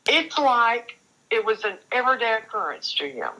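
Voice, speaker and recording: A woman's voice: a little high, sing-song, sharp tone, low-quality recording. An older woman, a guest on an interview show, telling her own story earnestly, often restarting her sentences. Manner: earnest, halting, with repeated restarts. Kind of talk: personal testimony in an interview.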